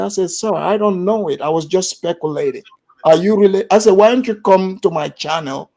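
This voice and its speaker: A man from Gambia with a Gambian accent, telling an animated story in casual chat and acting out the voices of others. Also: high-pitched, fairly quick. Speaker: guest storyteller.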